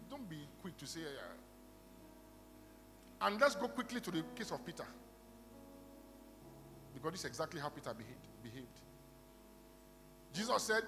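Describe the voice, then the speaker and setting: Man preaching in a reverberant church hall. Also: fairly high pitch. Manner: preaching with rising bursts of loudness in prayer. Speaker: pastor. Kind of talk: sermon. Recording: reverberant hall with music behind. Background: instrumental music.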